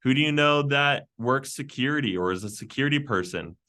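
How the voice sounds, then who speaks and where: A man leading a team meeting, rattling off a long list of quick questions with frequent fillers. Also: medium pitch, animated, pushed and bright. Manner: rapid-fire questions with fillers. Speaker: team leader. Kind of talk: brainstorming prompts at a team meeting.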